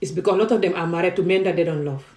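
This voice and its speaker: A woman's voice: on the low side, racing, darkish tone, echoey room, low-quality recording. A young adult woman, talking straight to camera in an emphatic, pleading monologue full of rhetorical questions. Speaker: vlogger. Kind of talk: impassioned direct-to-camera monologue. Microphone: phone or camera facing her.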